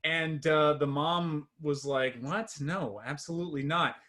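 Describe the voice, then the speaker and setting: A young comedian with a somewhat high voice works through a story in loose, rambling bits full of fillers and restarts. He mocks himself as he goes, and his voice jumps up and gets louder whenever he hits a punchline. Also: measured pace. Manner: rambling, self-deprecating storytelling with many fillers; swings high and loud at punchlines, laughing at his own jokes. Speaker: stand-up comedian. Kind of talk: stand-up set on a live stream.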